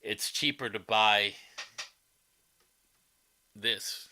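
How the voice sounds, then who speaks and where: A man with a fairly low voice draws out his words in a bright, forceful tone, recorded with no echo. He hosts a casual livestream, reading viewer comments, chatting, and offering blunt, profane opinions.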